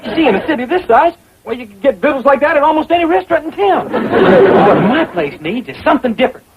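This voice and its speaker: A man's voice: very high-pitched, very animated, fast, a loud crowd, heavy background noise. An actor playing a dim, boastful young hillbilly man, eager and goofy in a 1960s sitcom. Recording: dull old TV audio, loud studio laughter.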